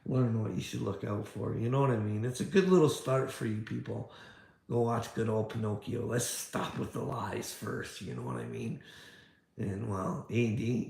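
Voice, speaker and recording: A man's voice: fairly low pitch, gravelly, darkish tone, reverberant. A man ranting at a critic, combative, firing rhetorical questions, swearing and repeating "bud" and "you know what I mean". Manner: swears a lot. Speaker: video creator ranting at a critic. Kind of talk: confrontational rant.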